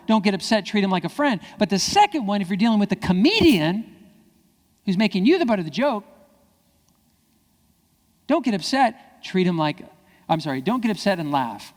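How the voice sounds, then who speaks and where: A man giving a lively keynote speech to parents, acting out quoted kids and parents in high voices. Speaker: keynote speaker. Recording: hall reverb.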